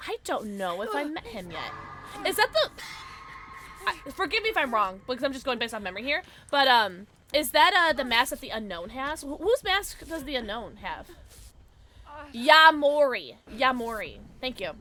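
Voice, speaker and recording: Excitable high-voiced woman streamer. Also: normal speed, a little hiss or hum. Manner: chatty, excitable, with sudden high yelps and laughs. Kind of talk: casual livestream chat while gaming. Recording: game music behind the voice. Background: game music.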